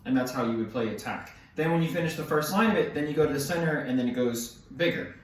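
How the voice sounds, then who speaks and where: A man's voice: mid-range voice, fast talker. A male drum instructor talking casually through snare exercises. He counts beats aloud and often restarts himself or apologizes. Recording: very echoey room, mic at a distance.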